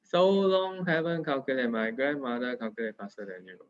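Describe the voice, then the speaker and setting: A man's voice: mid-range voice, normal speed. Singaporean guy tutoring math, teasing and coaxing, kinda dull lo-fi sound. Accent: Singaporean English. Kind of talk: casual tutoring session.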